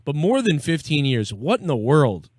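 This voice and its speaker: A man's voice: a little high, very animated, moderate pace, a little mellow, no room sound, clean studio sound. A man hosting a casual live call-in show, rambling and profane, laughing easily. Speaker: live show host taking calls.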